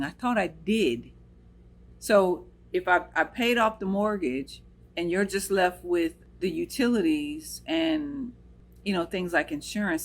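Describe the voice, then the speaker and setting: An American woman hosting her own channel, telling a personal story in an earnest, emotional way and quoting what people said. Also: low voice. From United States. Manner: earnest, emotional, retells scenes with quoted dialogue. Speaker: channel host.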